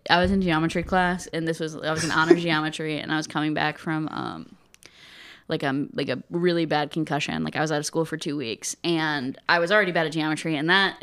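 A woman's voice: sits low, fairly bright tone, smooth. A young woman co-hosting an improv podcast, chatting casually and rambling with frequent giggles. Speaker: podcast co-host. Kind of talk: casual chat.

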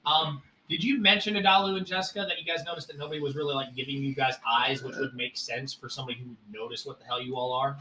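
Male GM, casual and profane narrator, high sharp voice, echoey room. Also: fairly even intonation, quick pace, few pauses, recorded from a distance, a little hiss or hum. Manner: casual, swearing, filler-heavy narration. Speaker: game master. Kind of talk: narrating a tabletop game.

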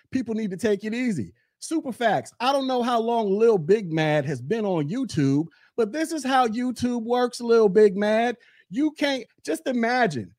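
A man's voice: high-pitched, no room sound, clean studio sound. A man, hosting a podcast and mocking another creator in a heated, taunting rant. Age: 40s. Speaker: podcast host. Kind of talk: casual commentary rant.

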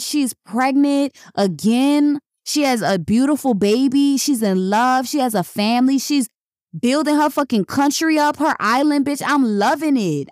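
A woman with a high-sitting voice hosts a casual podcast monologue, speaking bluntly and emphatically and swearing a lot. The recording is studio quality with no echo.

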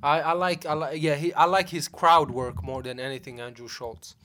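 A man's voice: fairly high pitch, steady tone, moderate pace, a bit bright. A young man hosting a podcast, chatting casually and loosely with lots of slang and laughter. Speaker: podcast host. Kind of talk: casual chat.

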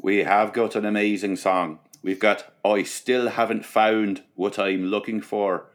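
Low-voiced dry-humored podcast co-host. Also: male voice, little pitch movement, measured pace. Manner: dry, self-mocking, easygoing. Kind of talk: casual comedy chat.

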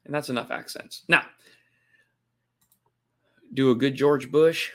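A man's voice: medium pitch, fairly even intonation, slow pace, long pauses, a bit bright. A man hosting a podcast and doing a playful comedy bit full of impressions. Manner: playful, jumps into put-on voices.

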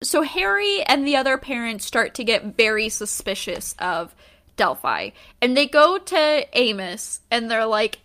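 Bright-voiced woman recapping a book. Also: a little high. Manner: animated retelling with quick character voices. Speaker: podcast co-host. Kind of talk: casual book discussion.

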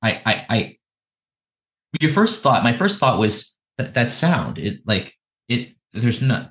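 A podcast guest, a man, telling a personal story in an emotional, halting way, often repeating words and laughing between phrases. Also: mid-range voice, very animated, fairly bright tone, low-quality recording.

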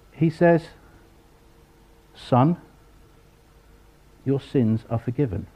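A man preaching a sermon, acting out the people in the story with sudden loud voices. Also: on the high side, very animated, slow, pauses often. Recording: dull lo-fi sound.

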